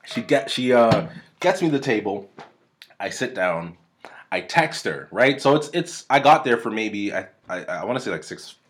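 A man's voice: on the low side, sing-song, moderate pace, a little hiss or hum. A man, casually telling a rambling, profane story on his podcast at a home desk mic. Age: 30s. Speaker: podcast host. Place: home room. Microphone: desk mic at close range.

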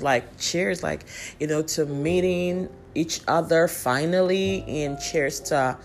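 A woman's voice: sits low, measured pace, darkish tone, slight background noise. A young woman telling a story in a sassy, chatty way and laughing often. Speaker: vlogger. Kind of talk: casual storytelling. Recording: faint music underneath.

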